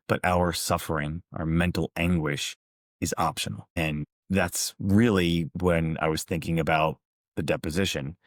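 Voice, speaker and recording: A man with a very low, deep voice gives a reflective motivational talk. He tells his stories in a calm, measured, earnest way. The sound is close and dry, with no room echo. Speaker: motivational speaker and coach.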